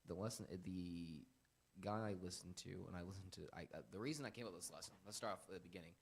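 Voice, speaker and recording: A young man hosting a casual Bible lesson, earnest and emphatic, with animated bursts when quoting. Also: low-pitched, quick pace, a little hiss or hum. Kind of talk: casual Bible teaching chat.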